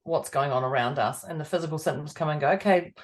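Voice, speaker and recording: An Australian woman co-hosting a podcast in relaxed conversation. Her voice is husky from a throat going hoarse, and she talks in a chatty, playful way. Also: sits low, quick pace. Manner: chatty, laughs often, playful. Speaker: podcast co-host. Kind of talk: casual chat.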